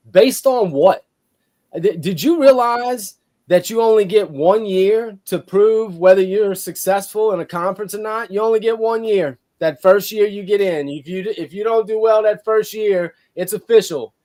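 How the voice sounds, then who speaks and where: A man's voice: high voice, moderate pace, warm tone. A man co-hosting a sports podcast, arguing heatedly in a rambling casual way with frequent restarts. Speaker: podcast co-host.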